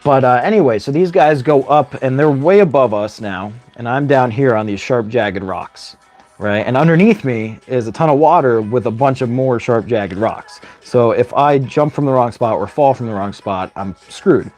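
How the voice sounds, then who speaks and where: A man casually spinning a long story on his live stream, rambling and checking in with "right?" as he goes. His pitch sits in an ordinary middle range. Faint music plays softly behind him. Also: normal speed. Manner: rambling, tags lines with "right?". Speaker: livestream host.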